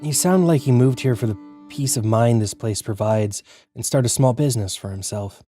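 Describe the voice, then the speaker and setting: A man voicing a calm, soft-spoken male coffee shop owner in a game. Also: medium pitch, moderate pace, no room sound, clean studio sound, soft background music, natural voice.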